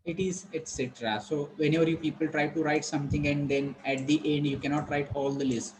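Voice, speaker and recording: A man runs a pronunciation lesson for his students online. His voice sits a little high, and he keeps repeating words and questions as he drills them. A faint hum stays behind him throughout. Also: monotone, a little fast. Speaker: English teacher.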